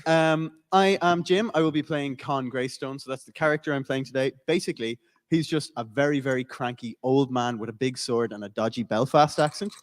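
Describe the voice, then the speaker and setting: An Irish man playing in a live tabletop game podcast on a convention stage, chatty and joking, making quick asides to the audience. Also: mid-range voice. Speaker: player. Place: large convention auditorium.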